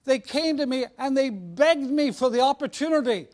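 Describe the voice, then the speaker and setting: A man's voice: very high voice, animated, normal speed, a little mellow. A man preaching a sermon in a jovial, conversational way with frequent restarts. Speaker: guest preacher.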